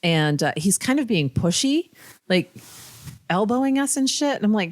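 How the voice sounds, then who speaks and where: A woman's voice: medium pitch, animated, moderate pace, no echo. A woman co-hosting a podcast, telling a rambling anecdote in casual chat, swearing freely and acting out the people in it. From Ohio. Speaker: podcast co-host.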